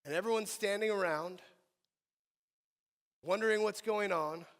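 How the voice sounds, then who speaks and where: Brief: male pastor, high voice, animated sermon, echoing sanctuary. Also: measured pace. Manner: animated preaching, swinging from soft to loud. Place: church sanctuary.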